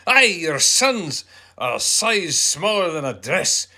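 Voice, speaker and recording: A man's voice: a little high, big pitch swings, takes it slowly, sharp tone, exaggerated voice. A man doing a blunt, insulting Scotsman. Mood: taunting. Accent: put-on Scottish. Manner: mocking, rough insults.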